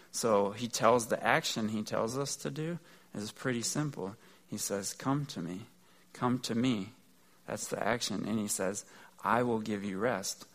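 A man giving a conversational, earnest sermon, explaining things step by step. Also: on the low side. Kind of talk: sermon teaching.

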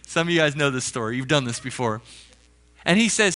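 A man's voice: medium pitch, expressive, moderate pace, sharp tone. A young adult man preaching a sermon as pastor, talking in a loose, conversational way and acting out little stories with animation.

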